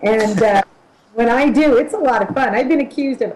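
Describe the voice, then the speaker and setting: A woman's voice: a little high, normal speed, darkish tone, slight background noise, rough recording. Frank upbeat woman comedian. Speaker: guest comedian. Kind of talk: interview.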